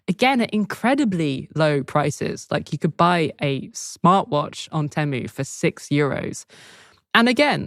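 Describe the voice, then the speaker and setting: A woman co-hosting a news podcast, talking in a lively, expressive way and laughing often. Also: low-pitched, no echo, studio quality. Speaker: podcast co-host. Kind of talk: casual news chat.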